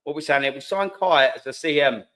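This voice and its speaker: A man's voice: a little high, brisk, fairly bright tone. A young British man hosting a fan live stream who rants heatedly and sarcastically at comments, swearing freely. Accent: British English. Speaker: fan channel host.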